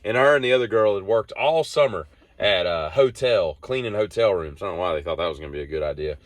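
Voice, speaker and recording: A man's voice: deep voice, animated, fast talker. A man, hosting a rambling solo monologue and telling off-the-cuff stories that wander. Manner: meandering, off-the-cuff storytelling. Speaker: host.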